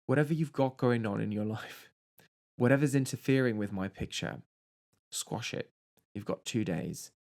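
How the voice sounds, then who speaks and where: A man's voice: medium pitch, moderate pace, a little mellow, close to an everyday voice. Stern female film boss with an English accent, put on by a man, clipped orders.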